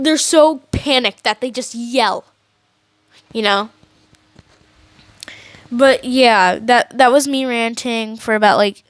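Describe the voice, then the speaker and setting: A woman's voice: a little high, fairly bright tone, smooth, dry recording. A teenage girl ranting casually to camera as a vlogger, rambling with many likes and restarts.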